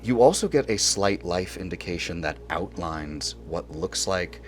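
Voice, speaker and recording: A man narrating a tabletop horror game as game master, calmly describing scenes and calling for rolls. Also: low voice, measured pace, slight background noise.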